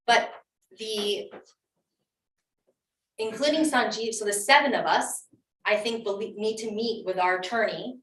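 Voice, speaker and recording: A woman's voice: mid-range voice, a bit bright. A woman on a township committee, speaking emotionally and insistently at a public meeting, often restarting her sentences. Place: municipal meeting room. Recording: echoey room, distant mic.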